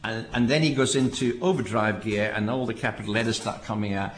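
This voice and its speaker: A man preaching a sermon in an earnest way, often repeating words and rising to emphatic calls to hold fast. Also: on the low side, steady tone. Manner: earnest, repeats phrases, rises to emphatic exhortation.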